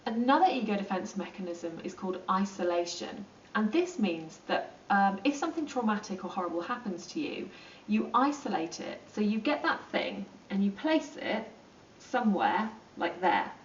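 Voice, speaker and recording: A woman explaining psychology in a relaxed, chatty lesson, with plenty of ums and acted-out asides. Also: mid-range voice, moderate pace, a little hiss or hum. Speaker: psychology teacher. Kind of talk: informal lesson explaining to camera. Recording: roomy, distant and dull.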